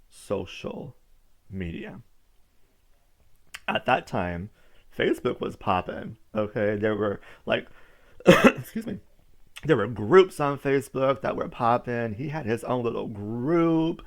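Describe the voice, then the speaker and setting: A man giving a motivational storytelling talk, emphatic and repeating key phrases for listeners to write down. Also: medium pitch. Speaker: business speaker.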